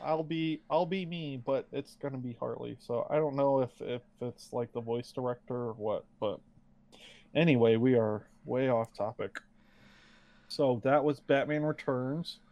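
A man's voice: medium pitch, unhurried, darkish tone. A man co-hosting a casual podcast, recapping a movie in a rambling, joking way and swearing often. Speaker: podcast co-host. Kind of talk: casual chat.

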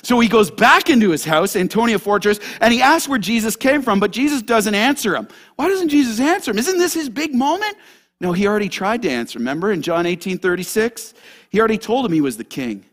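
Lively high-voiced man preaching. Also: fast. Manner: animated, talks straight to the congregation; swings between loud emphasis and hushed asides. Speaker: pastor. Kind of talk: sermon.

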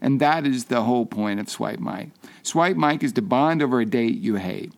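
A man's voice: medium pitch, animated, normal speed, vocal fry. A man hosting a podcast, introducing the show and its callers in an earnest, explanatory way. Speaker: podcast host.

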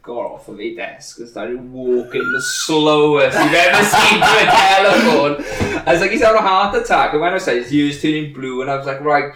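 A man's voice: mid-range voice, distant mic. A young man with a Merthyr Welsh accent, a guest telling blunt, sweary anecdotes in casual chat. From Wales. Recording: echoey room, away from mic.

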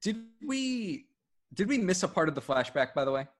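A man's voice: high-pitched, big pitch swings, moderate pace. A man co-hosting a podcast, chatting casually and wryly about a TV episode, acting out characters' lines. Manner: wry, acts out characters' lines. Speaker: podcast co-host. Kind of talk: casual chat recapping a TV episode.

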